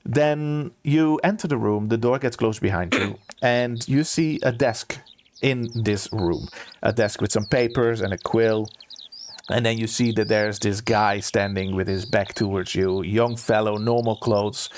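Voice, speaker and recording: A man's voice: lowish voice, a little slow, a little hiss or hum. A man running a tabletop game as game master, telling the scene casually with dramatic beats.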